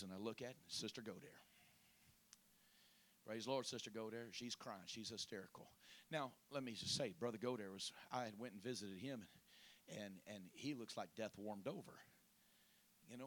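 A pastor preaching a testimony, moving from chatty storytelling to loud, fervent prayer. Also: male voice, mid-range voice. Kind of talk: sermon testimony.

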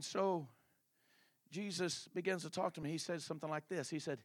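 A male preacher telling a story in a sermon, animated and colloquial. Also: fairly high pitch, moderate pace, no room sound.

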